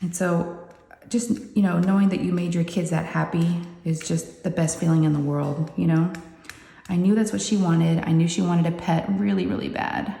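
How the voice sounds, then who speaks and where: A woman's voice: fairly low pitch, animated, normal speed, creaky, warm tone. A woman, hosting a craft vlog and telling a family story in a rambling, chatty way with lots of asides. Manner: rambling and chatty, full of "you know" asides. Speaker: craft channel host. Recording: roomy echoey room.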